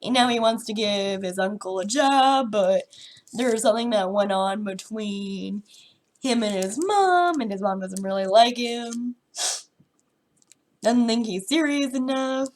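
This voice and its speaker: A woman's voice: a little high, measured pace. Congested, nasal-sounding woman vlogger. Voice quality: nasal, stuffed-up. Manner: chatty and rambling, trails off mid-sentence. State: sick with a head cold, congested; sore throat. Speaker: TV reaction vlogger. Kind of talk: casual reaction vlog talk.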